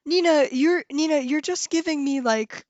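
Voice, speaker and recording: On a live stream, a bubbly, excitable young woman talks with her viewers, laughing and letting sentences trail off. Her pitch is a touch high and her pace moderate. The recording sounds dull and lo-fi, from a dry room without echo.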